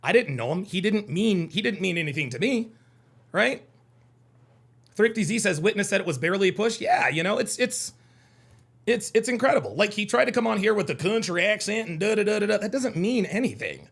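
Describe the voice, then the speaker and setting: Brief: male call-in host from the American South, high and gravelly, profane and combative. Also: big pitch swings, moderate pace, fairly bright tone. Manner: profane, combative, repeats himself. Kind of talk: heated live reaction commentary.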